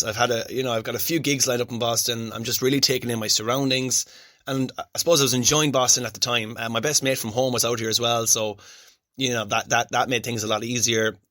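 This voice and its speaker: Bright-voiced Irish man telling his story. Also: medium pitch, dry recording, clean studio sound. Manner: chatty, reflective, self-deprecating. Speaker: podcast host. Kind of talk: solo podcast storytelling.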